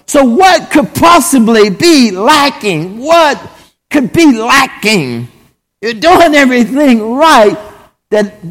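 Emphatic preacher in a reverberant hall. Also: male voice, very high voice. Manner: emphatic, repeatedly saying "brethren", drawn-out pauses. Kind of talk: sermon.

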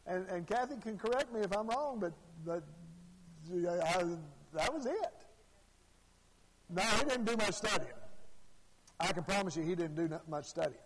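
A man's voice: sits high, animated, moderate pace, background noise. A man from Arkansas, preaching a sermon in a folksy storytelling way and repeating his phrases. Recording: long hall reverb.

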